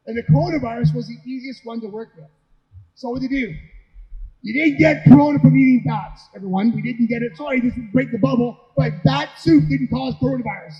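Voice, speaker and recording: A man's voice: extremely high pitch, a little mellow. A man giving an impassioned rally speech, firing off rhetorical questions and repeating words. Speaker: guest speaker at a rally. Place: indoor hall at a city hall. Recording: echoey hall, dull lo-fi sound.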